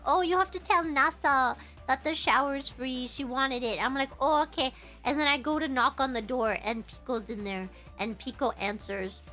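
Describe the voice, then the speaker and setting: A young woman streamer telling stories in a casual chat, giggling often. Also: a little high. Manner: giggly, animated, breaks into laughter.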